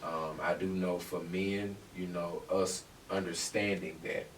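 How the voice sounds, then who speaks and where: Very deep-voiced man hosting a podcast. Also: flat delivery, a little slow, reverberant, far from the mic, a little hiss or hum, rough recording. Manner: easygoing, filler-heavy, affirming. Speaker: podcast host. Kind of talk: interview questions.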